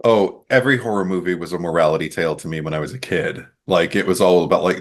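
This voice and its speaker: Low voiced dude co-hosting a movie podcast, laid back, storytelling, says mm-hmm a lot. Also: male voice, fast talker, few pauses. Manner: relaxed storyteller, lots of backchannel agreement. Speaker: podcast co-host. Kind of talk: casual film discussion.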